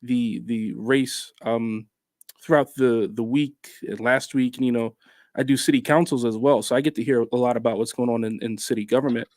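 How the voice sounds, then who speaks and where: A man speaks as a talk show guest in a halting, hesitant way. His voice is mid-pitched and sounds dry and close. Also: fairly even intonation, a little mellow, no echo. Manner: hesitant, with many fillers and restarts. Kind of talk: casual conversation.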